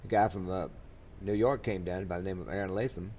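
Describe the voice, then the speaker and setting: An older man with a drawl sits for an interview and tells his stories in a low voice. He wanders and restarts his sentences, leaning on plenty of fillers along the way. A faint rumble sits under the recording. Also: steady tone, brisk, darkish tone. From Louisiana, USA. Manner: rambling, many fillers and restarts. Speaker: interviewee, country singer. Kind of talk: storytelling in an interview.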